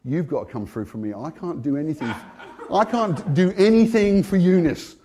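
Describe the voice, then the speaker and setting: A British man giving a testimony sermon, storytelling with energy and laughing often, swinging between hushed and loud. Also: on the high side, moderate pace. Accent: British English. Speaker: Christian speaker.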